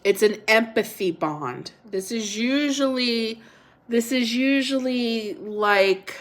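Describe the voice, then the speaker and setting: A woman's voice: on the high side, slow pace. A middle-aged woman hosting a casual livestream devotional chat, reading viewer comments and scripture aloud, repeating herself and unsure of pronunciations. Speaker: livestream host.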